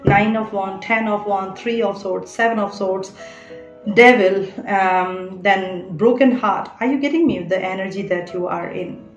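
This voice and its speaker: A woman's voice: medium pitch, unhurried, lo-fi sound, soft background music. A woman giving a spiritual tarot reading, earnest and coaxing, often checking "all right?". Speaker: tarot reader. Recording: echoey room.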